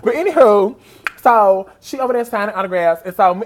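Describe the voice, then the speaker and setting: A man telling an excited personal story on his vlog, gushing and animated and speaking straight to his viewers. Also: moderate pace. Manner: animated and gushing, big pitch swings, talks straight to viewers. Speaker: vlogger.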